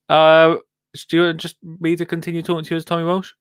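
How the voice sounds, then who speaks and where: A man from the United Kingdom hosting a live podcast, animated and quick to laugh and exclaim in disbelief. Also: fairly high pitch, clean tone, no echo. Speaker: podcast host.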